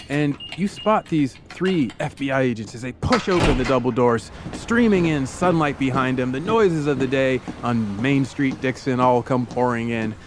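A man's voice: mid-range voice, background noise. A man hosting a podcast, telling a true story in the second person and playfully acting out the people in it. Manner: vivid, playful, acts out side characters with funny voices. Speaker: podcast host.

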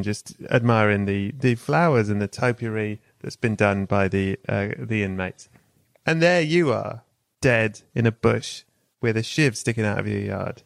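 A man's voice: fairly low pitch, gravelly, no room sound. A man hosting a podcast, chatting and spinning absurd improvised stories with casual swearing. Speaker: podcast host. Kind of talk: comic interview chat.

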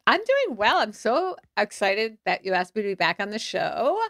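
A woman's voice: medium pitch, very animated, moderate pace, fairly bright tone, no room sound, studio quality. A middle-aged woman, an author, chatting playfully as a podcast guest. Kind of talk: casual chat.

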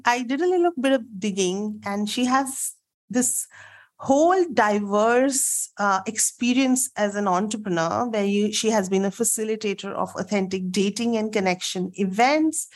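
A woman hosting a podcast interview, her voice nasal and croaky from a sore throat, bubbly and quick to laugh. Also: mid-range voice. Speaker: podcast host. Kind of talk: casual interview chat.

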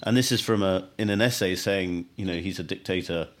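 Male podcast host, very deep voice, measured and conversational. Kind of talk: podcast interview.

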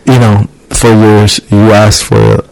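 A man's voice: lowish voice, little pitch movement, slow, vocal fry, darkish tone, no echo, low-quality recording. A young man co-hosting a podcast, telling a casual, profane story and acting out the quotes. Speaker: podcast co-host. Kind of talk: casual chat.

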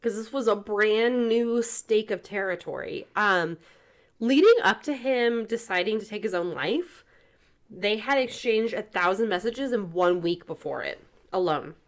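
A woman's voice: mid-range voice, expressive, unhurried. A woman co-hosting a casual talk podcast, speaking earnestly and reading text messages aloud in a plain voice. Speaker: podcast co-host.

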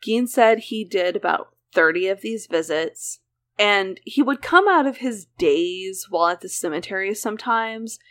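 A woman casually recounting a true crime case as a podcast host, mixing read details with chatty asides. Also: medium pitch. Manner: conversational, reading case details with frequent "like".

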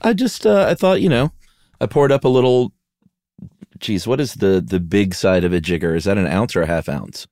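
Deep-voiced laid-back man. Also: normal speed, no echo, clean studio sound. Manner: relaxed, laughs easily, sings goofy jingles. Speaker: podcast co-host. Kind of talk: casual chat.

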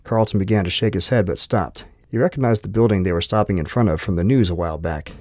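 A man reading a novel aloud with steady, measured storytelling. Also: deep voice, no room sound, clean studio sound. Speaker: narrator. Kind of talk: scripted audiobook narration.

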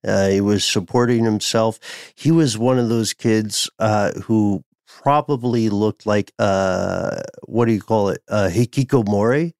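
A man's voice: on the low side, a little slow, hardly any pauses, darkish tone, no room sound. A man co-hosting a podcast, telling the story in casual chat with hesitant uhs.

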